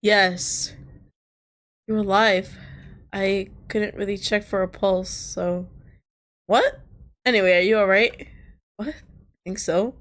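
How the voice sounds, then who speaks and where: A woman streamer reading a visual novel aloud. She switches between calm narration and loud, laughing, cursing reactions. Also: medium pitch, slow, long pauses. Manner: expressive, jumps from calm reading to squealing and laughing; casual and cursing in asides. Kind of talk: reading game text aloud with live reactions.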